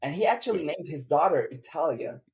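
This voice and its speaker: Lebanese-born man telling a lively story. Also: fairly high pitch, a little fast. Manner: acts out quoted voices, says bro often. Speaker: guest entrepreneur. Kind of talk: animated storytelling.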